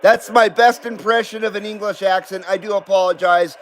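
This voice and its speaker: A man's voice: sits high, fairly even intonation, normal speed, a bit bright, slight background noise, poor audio. A man from the West Coast of the United States hosting a casual live stream, rambling and self-deprecating, often laughing and reading viewer comments aloud.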